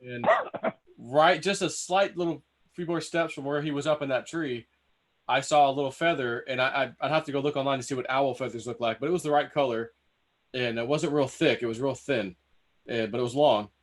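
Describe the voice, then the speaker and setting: A relaxed man in casual chat who tells a story at an easy pace and chuckles along. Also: mid-range voice, fairly quick. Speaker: co-host.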